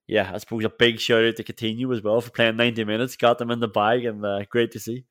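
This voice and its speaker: A man's voice: lowish voice, level tone, quick pace, fairly bright tone, no room sound, studio quality. A man co-hosting a football podcast, chatting casually with laughs and restarts. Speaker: podcast co-host.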